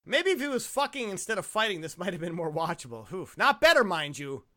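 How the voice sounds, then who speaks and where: A man's voice: sits high, sing-song, a little fast, sharp tone. A tipsy man co-hosting a casual movie review podcast, rambling, swearing and sarcastic. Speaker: podcast co-host.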